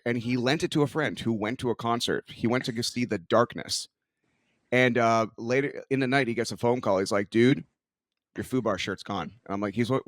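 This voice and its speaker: A man's voice: mid-range voice, fairly bright tone, dry recording, clean studio sound. A man in his forties co-hosting a podcast, chatting with enthusiasm and telling long stories. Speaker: podcast co-host. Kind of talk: casual podcast chat.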